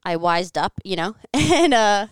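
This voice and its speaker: Frank, chatty woman guest, very clear voice. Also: medium pitch, very animated, unhurried, no room sound. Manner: frank, profane, filler-heavy with frequent "like". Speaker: podcast guest. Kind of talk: candid conversational storytelling. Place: home living room.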